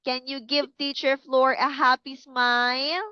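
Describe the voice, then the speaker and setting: A woman teaching English to young children, speaking slowly and clearly and encouraging them to repeat words. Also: high voice, little pitch movement, dry recording, muffled recording. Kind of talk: online class for kids.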